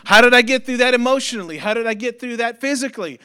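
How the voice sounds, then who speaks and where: A man's voice: very high voice, quick pace, pushed and bright, clean tone. A man pastor preaching a sermon in a church, conversational and humorous, with frequent rhetorical questions to the congregation.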